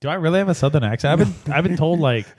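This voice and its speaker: A man's voice: fairly high pitch, expressive, very fast, darkish tone. A man hosting a sports podcast, bantering playfully and laughing in casual chat. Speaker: podcast host. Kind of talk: casual chat and show intro.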